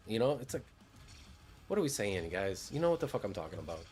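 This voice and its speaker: A man's voice: on the low side, very animated, quick pace, pauses often, a little mellow, slightly rough. A man casually chatting over his gameplay as a streamer, laid-back and rambling, swearing now and then. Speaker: gaming streamer.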